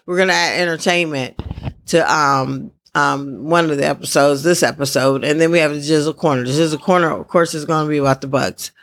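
Podcast host, from the Midwest, excitable and rambling, forceful bright tone, mid pitch. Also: a little fast, slight background noise. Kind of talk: casual podcast chat.

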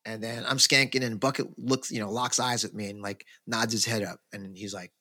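A man, a podcast co-host, telling a long story in casual chat, rambling and animated with many fillers and restarts. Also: lowish voice, fairly quick, no room sound, studio quality.

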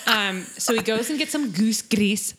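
A woman's voice: on the high side, lively intonation, normal speed, fairly bright tone, a little hiss or hum. A woman co-hosting a podcast, chatting casually and animatedly as she retells scenes. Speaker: podcast co-host. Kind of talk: casual recap chat.

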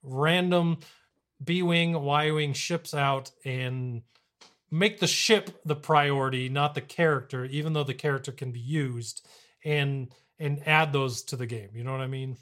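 A man's voice: mid-range voice, measured pace, a bit bright. A man co-hosting a casual gaming podcast on a live stream, talking loosely and laughing often. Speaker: podcast co-host.

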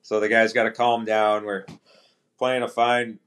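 A middle-aged man with a fairly low voice talks as a guest on a podcast. He tells his stories in a relaxed, chatty way, slipping into the voices of the people he quotes. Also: a little slow. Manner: relaxed anecdotal storytelling, acts out quoted dialogue. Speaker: guest, retired hockey player. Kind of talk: casual storytelling interview.

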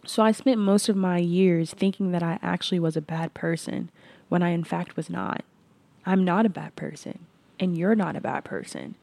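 A woman hosts her podcast in a reflective personal monologue, speaking earnestly with frequent restarts and lots of "like." Her voice is on the low side and mellow, with vocal fry, at a normal speed, and there's no room sound.

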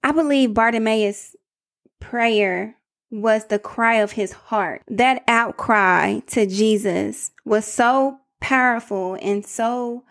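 A woman's voice: a little high, slow, creaky, a bit bright. Emphatic woman preaching a sermon. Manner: emphatic, calls out to listeners.

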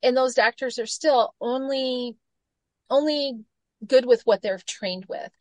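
A woman in her forties, a gut health coach, telling stories with lively acted-out quotes in a casual interview. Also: high-pitched, a little slow, no room sound. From Michigan, United States. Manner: animated storytelling, acts out quoted voices.

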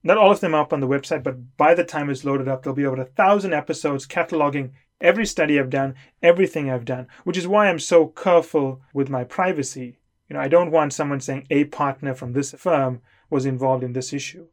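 A man's voice: fairly high pitch, fairly quick, hardly any pauses. A middle-aged man giving an emphatic, lecturing talk as a consulting coach. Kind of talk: lecture to camera.

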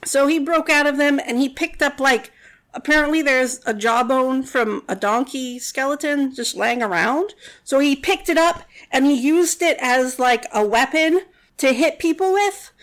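Woman storyteller, high-pitched, casual and wry, peppered with fillers. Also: unhurried, fairly bright tone. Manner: chatty and sarcastic, many "like" fillers. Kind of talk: casual retelling of a Bible story.

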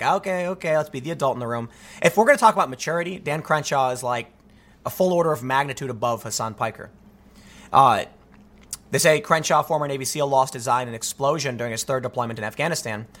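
A man's voice: medium pitch, a bit bright. A man giving political commentary, reading news aloud and reacting emphatically with disbelief.

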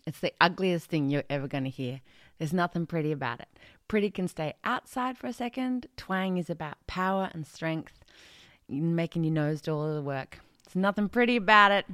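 A woman's voice: deep voice, dry recording, studio quality. A woman giving a vocal lesson at home, chatty and playful, singing scale steps and demonstrating twangy voices. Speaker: singing teacher. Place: home studio with birds and geckos outside.

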